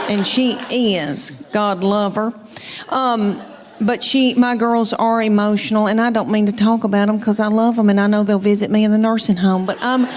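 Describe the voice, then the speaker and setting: A woman's voice: mid-range voice, big-room sound. A middle-aged woman with a Southern US accent telling stand-up stories in a folksy drawl with mock quotes. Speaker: stand-up comedian. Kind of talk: stand-up comedy storytelling. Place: theater stage before a live audience. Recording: live show, audience noise behind. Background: audience laughter.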